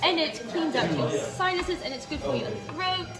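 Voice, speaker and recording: A woman's voice: high voice, lively intonation, normal speed, echoey room, over music, a crowd in the background, pitched above the performer's own voice. A woman putting on a prim, haughty voice as a snooty tea lover.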